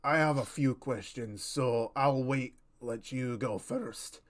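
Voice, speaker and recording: Male player, middle pitch, chatty, hesitant, tabletop game. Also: slow pace. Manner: casual, hesitant with fillers. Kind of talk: casual tabletop game play.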